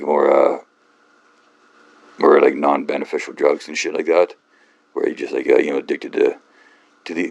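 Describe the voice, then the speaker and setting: A man hosting a book channel, ranting off-script in a halting, rambling way, swearing often and mocking himself. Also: a bass voice, creaky, a little mellow, no room sound.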